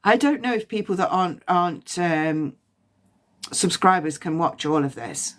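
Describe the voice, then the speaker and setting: A woman giving a past-life psychic reading on a phone livestream, halting and repeating words as impressions come to her. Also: lowish voice, lively intonation. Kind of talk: livestream reading and guided release.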